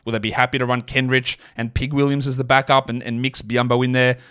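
A man's voice: medium pitch, little pitch movement, fast talker, fairly bright tone, smooth. A man hosts a solo fantasy basketball podcast in a casual, analytical way. His voice sits in an ordinary middle range. He rambles, doubles back and corrects himself, with plenty of fillers.

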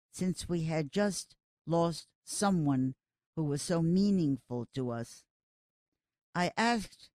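Slow, measured older gossip columnist. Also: mid-range voice, darkish tone, no room sound, clean studio sound. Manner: measured, deliberate delivery in short phrases. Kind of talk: reading a personal column aloud.

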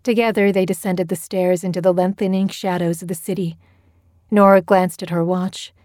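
A woman giving measured, scripted narration of a horror story. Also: fairly low pitch, steady tone, darkish tone, dry recording, studio quality.

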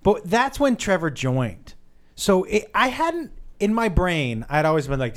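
A man's voice: high voice, a little slow. A man hosting a podcast, chatting casually and teasing his co-hosts. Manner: teasing, animated banter. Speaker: podcast host. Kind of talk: casual comedic chat.

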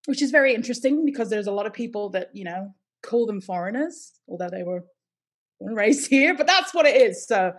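A woman from Hawaii talking as a podcast guest, chatty and animated and laughing often. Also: a little high, a little fast. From Hawaii, United States. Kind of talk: casual interview chat.

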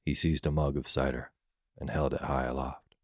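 Very deep-voiced man reading a bedtime story. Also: no echo, studio quality. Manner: calm, soothing, unhurried.

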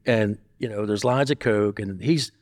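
Brief: male interview guest, low voice, blunt and profane. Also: normal speed, dry recording. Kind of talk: storytelling in an interview.

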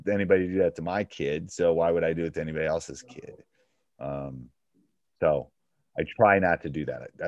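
A man's voice: a bass voice, dry recording, dull audio. A man, a basketball coach and podcast host, giving coaching advice on a one-on-one call and acting out back-and-forth dialogue as he talks.

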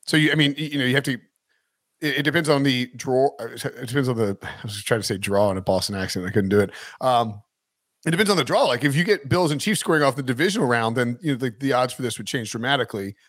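A man's voice: medium pitch, animated, very fast, hardly any pauses, dry recording, studio quality. A man hosting a casual sports betting podcast, talking in a rambling way with many restarts. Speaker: podcast host.

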